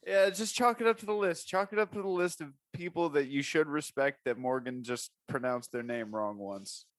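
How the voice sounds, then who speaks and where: A man hosting a casual comedy chat, crude and teasing, quick to laugh. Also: on the high side, dry recording.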